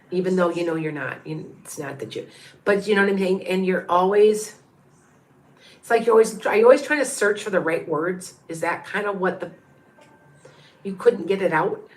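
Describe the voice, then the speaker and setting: A woman's voice: lowish voice, animated, moderate pace. Rambling woman doing a live psychic reading. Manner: rambling, repeats herself, thinks aloud; reads out viewer names and counts under her breath. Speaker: psychic reader on a livestream. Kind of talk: live-stream psychic reading, chatting to viewers.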